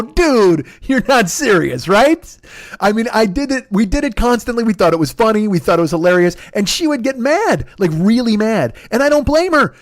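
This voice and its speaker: A man's voice: very high-pitched, no echo, studio quality. A man, hosting a comedy podcast with a profane, rambling, self-mocking storytelling monologue full of restarts. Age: 50s.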